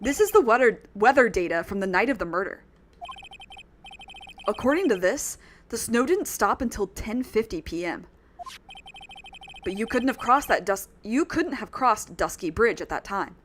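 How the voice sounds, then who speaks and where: A woman reading aloud the lines of an earnest young male defense attorney from a game, in a plain steady voice. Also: mid-range voice, moderate pace, pauses often, a little hiss or hum, close to an everyday voice.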